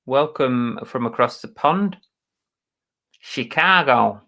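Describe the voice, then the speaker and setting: A man's voice: medium pitch, slow pace, fairly bright tone. A man hosting a casual live stream chat, greeting viewers by name in a chatty, self-mocking way with mild muttered curses.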